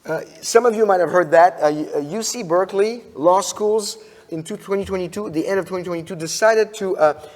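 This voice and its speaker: Guy preaching at a church conference, kinda high voice, lots of restarts, big echoey sanctuary. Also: fairly quick. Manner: animated storyteller, frequent restarts, asks audience questions. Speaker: conference speaker. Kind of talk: sermon-style conference talk. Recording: long hall reverb.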